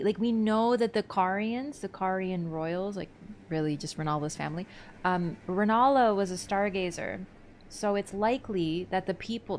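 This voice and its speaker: A woman with a fairly low, slightly mellow voice streams a game and talks casually through its lore. She thinks out loud and responds to her chat, with a little background noise present.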